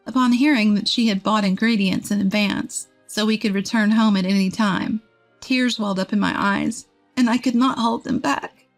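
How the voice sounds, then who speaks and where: A woman, a text-to-speech voice, reading a first-person story as a scripted narration in an even, steady way. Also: mid-range voice, moderate pace, faint music behind.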